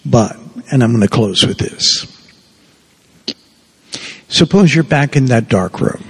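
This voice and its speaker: Slow gravelly husky male preacher. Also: medium pitch, lively intonation. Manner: slow, earnest, drops to a soft hush for quoted words. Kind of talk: sermon. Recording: long reverb of a large hall.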